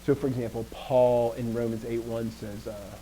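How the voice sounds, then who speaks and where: In a low-quality recording with slight background noise, a man talks at normal speed in a level tone. He's teaching Greek informally, correcting himself, checking frequently with the class, and pronouncing stressed words louder and at a higher pitch to illustrate emphasis.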